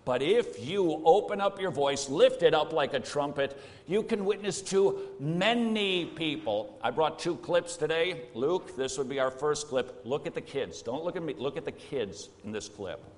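Lively preacher in a reverberant hall. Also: male voice, fairly high pitch, measured pace. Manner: emphatic, rhetorical questions, plain-spoken. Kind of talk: sermon.

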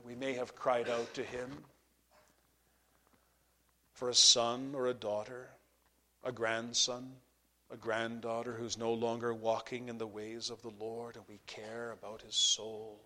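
A pastor preaching a sermon to his congregation, impassioned, swinging between loud peaks and hushed drops. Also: mid-range voice.

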